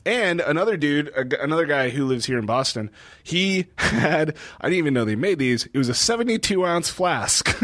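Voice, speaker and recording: Animated, laughing podcast co-host. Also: male voice, on the high side, moderate pace, no room sound. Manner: animated storyteller, laughs often, acts out quotes. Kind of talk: casual chat. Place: lives in a city in the northeastern United States.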